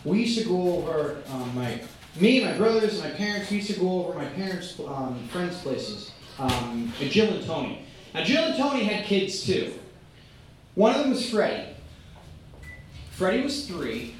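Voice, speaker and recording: A stand-up comedian telling a wry, animated story to an audience, with frequent ums and uhs. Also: medium pitch. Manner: animated, wry, uses many um and uh. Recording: echoey room, far-off mic, faint ambience.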